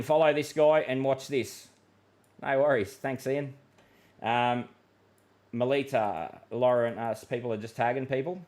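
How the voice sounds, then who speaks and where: A man with an Australian accent, hosting a weather livestream in a casual, matey way and reading out viewer comments. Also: mid-range voice. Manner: chatty and matey, with many fillers and restarts. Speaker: weather forecaster and livestream host.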